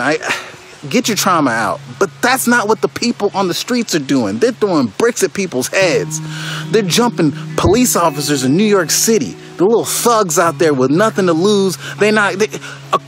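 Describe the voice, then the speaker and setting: A young man rants with heat and exasperation, his voice high and leaping all over the place. He sighs wearily, then bursts out louder. Music plays clearly under his words. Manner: heated, exasperated, swings between sighs and raised outbursts. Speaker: commentator. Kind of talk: impassioned political rant.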